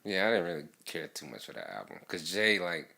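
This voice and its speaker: Deep, laid-back man with a lively voice. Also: brisk, gravelly. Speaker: podcast co-host. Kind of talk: casual chat.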